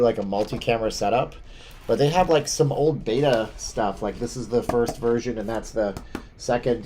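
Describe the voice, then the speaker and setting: A male live-stream host, stuffy from seasonal allergies, chats casually while reading viewer comments, rambling and chuckling with many fillers and restarts. His medium-pitched voice has a darkish tone over slight background noise.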